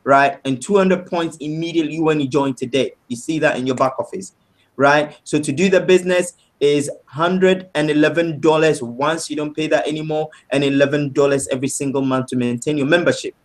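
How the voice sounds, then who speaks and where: A man presenting a sales pitch on a webinar, upbeat and persuasive, often asking "right?" and calling the audience "guys". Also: steady tone, a little fast.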